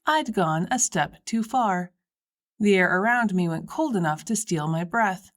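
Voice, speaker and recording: A woman reading a first-person story as an audiobook narrator, with a wry, lively delivery. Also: fairly low pitch, a little slow.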